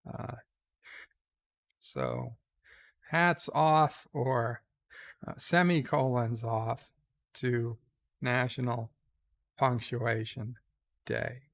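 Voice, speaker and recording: A man hosting a casual live stream from bed, reading out chat messages in a slow, halting way with dry, irreverent remarks. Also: mid-range voice, expressive, gravelly. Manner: slow, halting, with many pauses and fillers; wry and irreverent. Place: lying in a bed.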